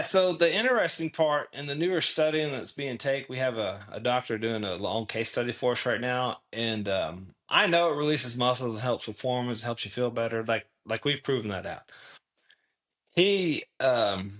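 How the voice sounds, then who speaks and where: A man guesting on an interview show, telling stories in an earnest, animated way and often restarting his sentences. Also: medium pitch. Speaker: guest, clothing tech founder. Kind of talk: casual interview storytelling.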